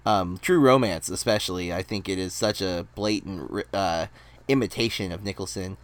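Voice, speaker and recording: A man's voice: sits low, moderate pace. A man co-hosting a casual podcast chat, talking with a lot of hesitant ums and restarts. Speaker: podcast co-host.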